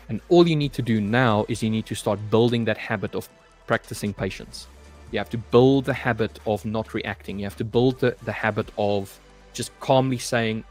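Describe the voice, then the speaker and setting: A man's voice: lowish voice, fairly even intonation, brisk, faint music behind. A young man hosting a live trading stream, chatting casually and reading viewer comments aloud. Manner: reads viewer comments aloud and chats loosely, saying "mate" often.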